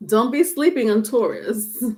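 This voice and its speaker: A woman's voice: fairly high pitch, lively intonation, a little slow, mellow. A woman giving a casual live tarot reading, talking chattily and teasing her viewers, breaking into laughter often. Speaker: tarot reader.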